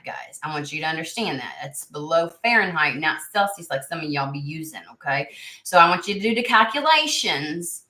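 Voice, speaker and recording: A chatty middle-aged woman, still a little under the weather, talks straight to her viewers and calls them out by name. Her voice is bright and forward, sitting a touch low for a woman. The sound bounces around an echoey room. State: recovering from illness, voice still affected. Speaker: tarot channel host. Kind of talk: casual livestream chat with viewers.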